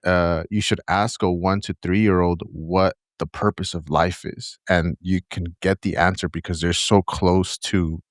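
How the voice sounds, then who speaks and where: A man's voice: low voice, unhurried, few pauses, no room sound, studio quality. A man telling a story in a casual, laid-back way on a podcast co-hosted over a call. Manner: relaxed, laid-back storyteller, says bro. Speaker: podcast co-host.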